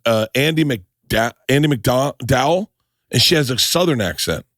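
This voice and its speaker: Podcast host, lively pitch, excitable, dry room. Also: male voice, unhurried, dry recording. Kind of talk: casual podcast chat.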